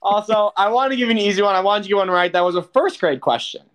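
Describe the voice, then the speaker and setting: A fast-talking young man with a high-pitched, slightly bright voice quizzes his podcast partner. He keeps the co-hosted chat casual and teasing, laughing often.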